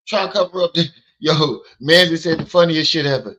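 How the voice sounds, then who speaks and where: A man's voice: on the high side, a little fast, pushed and bright, highs cut off, a little hiss or hum. A man hosting a casual livestream, joking and swearing as he talks to his chat. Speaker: livestream host. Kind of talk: casual commentary stream. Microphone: streaming mic.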